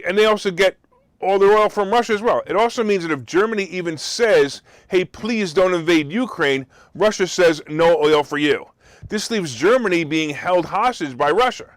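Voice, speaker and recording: A man's voice: high-pitched, animated, a little fast, no echo. A man hosting a market talk show, delivering a sarcastic, mocking commentary monologue. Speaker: host.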